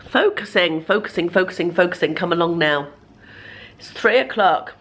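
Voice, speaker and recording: A woman in her fifties, hoarse and congested with a cold, chatting casually to camera as a lifestyle vlogger in her bedroom. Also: on the low side, lively intonation, normal speed, fairly bright tone, a little hiss or hum. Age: 50s. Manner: chatty, self-deprecating, rambling. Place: bedroom at home.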